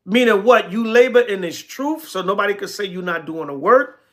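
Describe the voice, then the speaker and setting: A New man with a high, bright, ringing voice, preaching from scripture on a livestream. He reads the verses in a slow, deliberate cadence. Between readings he talks straight back to his chat in blunt, repetitive bursts. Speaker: elder teaching scripture on a livestream. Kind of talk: sermon mixed with casual replies to live chat.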